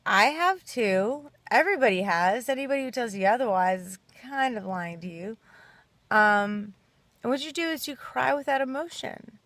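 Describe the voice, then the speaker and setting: A woman's voice: a little high, moderate pace, a bit bright, dry recording. A woman speaking earnestly and casually to camera, rambling a little and acting out small quoted exchanges. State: choked up. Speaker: self-help video host. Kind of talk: casual heartfelt talk to camera.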